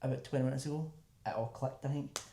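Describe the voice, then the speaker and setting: Quick, mellow Scottish man. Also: medium pitch, fairly even intonation, vocal fry, reverberant, a little hiss or hum. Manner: rapid, sweary, laid-back storytelling. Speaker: podcast co-host. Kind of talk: casual podcast chat.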